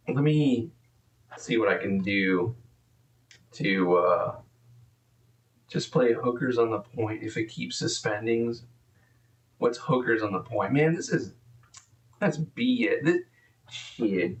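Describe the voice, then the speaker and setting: A man's voice: fairly low pitch, reverberant, far from the mic. A man live-streaming and commenting casually, profane and rambling, easily exasperated.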